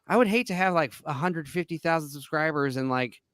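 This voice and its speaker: A man in his forties hosting a casual online chat, rambling with lots of fillers and bursts of excitement. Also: fairly high pitch, fairly quick, no room sound. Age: 40s. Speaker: host.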